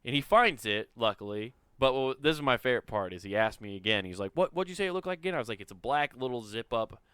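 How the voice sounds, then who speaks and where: A man's voice: medium pitch, expressive, fast, fairly bright tone, clean tone, no echo. A man on a casual podcast telling a rambling story full of fillers and swearing. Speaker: podcast host.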